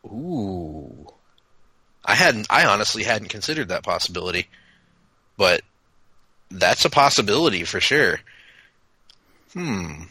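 A man co-hosting a casual TV recap chat, talking enthusiastically in quick bursts with frequent restarts. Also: on the low side, big pitch swings, bright, forceful tone, breathy edge, no echo, rough recording. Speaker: podcast co-host.

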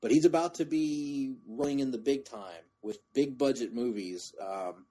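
A man's voice: medium pitch, normal speed, mellow, breathy edge. A man hosting a podcast, chatting casually and restarting sentences as he goes. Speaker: podcast host. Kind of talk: casual chat.

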